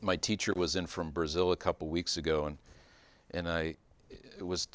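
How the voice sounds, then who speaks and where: A man's voice: low-pitched, moderate pace, dry recording. A man giving a casual spiritual talk to a small audience, rambling, with many restarts and fillers. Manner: rambling, many restarts and fillers, animated when telling a joke.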